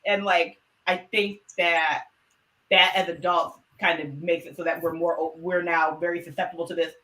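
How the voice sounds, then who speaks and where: A woman's voice: lowish voice, steady tone, normal speed, pushed and bright, poor audio. A woman co-hosting a casual podcast chat, explaining her views earnestly and at length. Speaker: podcast co-host.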